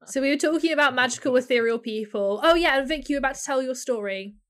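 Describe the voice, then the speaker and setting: A woman hosts a relaxed podcast chat and nudges the talk along with questions. Her voice sits a little high. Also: fast talker. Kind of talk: casual chat.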